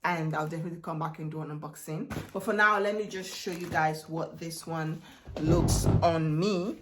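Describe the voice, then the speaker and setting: A woman in her thirties chatting excitedly and rambling in a casual try-on haul vlog at home. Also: low-pitched, moderate pace, slight background noise. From Netherlands. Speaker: beauty vlogger. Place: home room. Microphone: camera set down, handheld mic removed.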